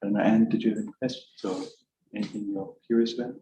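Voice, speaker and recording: A man guiding a meditation session, giving calm, gentle instructions in an echoing room. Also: fairly low pitch, quick pace, a little hiss or hum. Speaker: meditation guide. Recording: echoey room.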